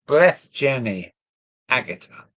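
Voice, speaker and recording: Older southern english host, slow rambling live-stream chat, dry close sound. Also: male voice, mid-range voice, very animated, a bit bright, no room sound, muffled recording. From southern England. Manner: rambling, chuckling, reading viewer comments aloud. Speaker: model railway live streamer. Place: home loft.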